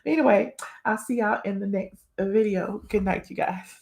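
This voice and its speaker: A chatty woman from Georgia with a Southern accent hosts a late-night livestream. She talks in loose slang with a middle-pitched voice, reading out and teasing viewer comments. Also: moderate pace, creaky, a little mellow. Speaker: livestream host. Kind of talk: casual livestream chat.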